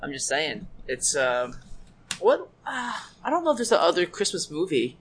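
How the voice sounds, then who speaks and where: A man's voice: on the high side, wildly swooping pitch, fairly bright tone, a little hiss or hum. A man co-hosting a podcast in casual chat, mostly giving short reactions and cutting in with questions. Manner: short reactions and quick interjections. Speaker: podcast co-host.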